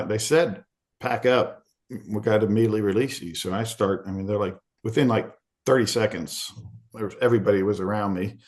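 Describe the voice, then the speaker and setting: A middle-aged man from Arkansas, a podcast guest telling a candid story and acting out the quoted voices in it. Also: lowish voice. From Arkansas, USA.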